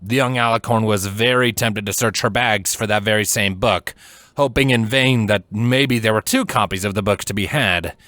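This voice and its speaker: A man reading fan fiction aloud as scripted narration, measured and steady. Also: lowish voice, no echo. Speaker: fanfiction reader.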